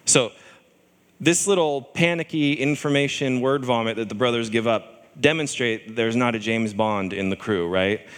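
A man's voice: mid-range voice, big-room sound. A man preaching a sermon in a conversational way, often acting out the voices of people in scripture.

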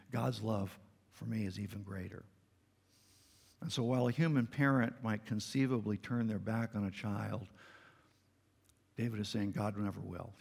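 A man's voice: fairly low pitch, creaky, darkish tone, breathy edge, big-room sound. A middle-aged man preaching a sermon in a church, earnest and conversational with touches of light humor. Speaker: pastor. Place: church sanctuary.

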